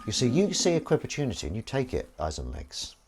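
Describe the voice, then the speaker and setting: A man's voice: mid-range voice, wildly swooping pitch, fast talker, a little mellow, slight background noise. A man live-streaming as he washes dishes at his kitchen sink, rambling wryly to his viewers as he goes. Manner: chatty, wry, talks while doing chores. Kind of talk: rambling casual chat to viewers.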